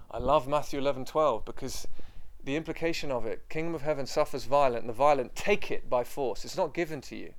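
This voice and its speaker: A little fast and creaky, a mid-range male voice delivers a sermon to an assembled room. The preaching is impassioned, emphatic, and repetitive, easing down into quiet prayer at moments.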